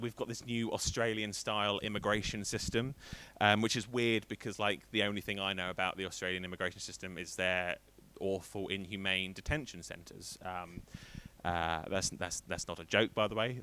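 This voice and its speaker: A man's voice: lowish voice, a bit bright. A man in his thirties doing a rambling, self-deprecating stand-up set on a stream. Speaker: stand-up comedian.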